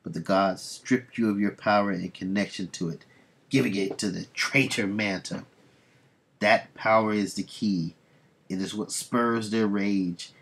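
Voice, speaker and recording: An ancient male sea god speaking in solemn, archaic phrases, as a man reads his comic lines aloud. The voice is husky and lowish, grave and measured. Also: fairly bright tone, full character voice.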